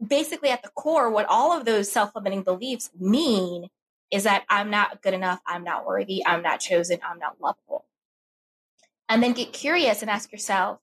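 A woman's voice: mid-range voice, moderate pace, breathy edge. A woman in casual podcast conversation, telling personal stories and acting out her inner voice. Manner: animated storytelling with acted-out inner voices.

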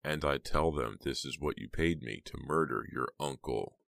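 A man voicing a smug, calm teenage boy who is a killer in an audiobook, speaking coolly and self-satisfied. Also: very deep voice, moderate pace, vocal fry, no echo, clean studio sound, heavily acted. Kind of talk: audiobook character voice.

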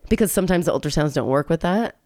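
A woman's voice: low-pitched, expressive, racing, a little mellow, no echo, studio quality. A middle-aged woman co-hosting a podcast in casual chat, talking in an emotional, chatty way with frequent restarts. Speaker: podcast co-host.

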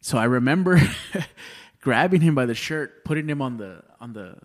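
A man in his thirties with a twang rambles through a story in a relaxed podcast chat. He curses freely, restarts his sentences and keeps tossing in "dude". His voice sits at an ordinary middle pitch. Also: moderate pace. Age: 30s. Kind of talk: casual chat.

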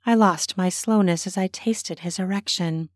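A woman narrating her own erotic story in a slow, intimate way, slipping into whispers. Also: on the low side, dry recording, clean studio sound.

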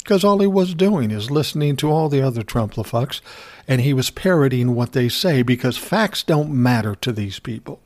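A man talks straight to his listeners in a loose, ranting monologue. His delivery is sarcastic and peppered with swearing. His voice sits at an ordinary middle pitch for a man. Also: lively intonation, normal speed, darkish tone. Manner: profane, sarcastic storytelling. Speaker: commentary host.

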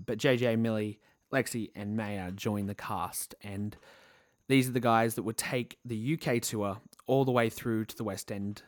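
Excitable young man with a dry sound. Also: lowish voice, no room sound. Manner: enthusiastic, excitable, laughs often. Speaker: theatre fan vlogger. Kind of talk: casual recounting to camera. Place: lives in Sydney.

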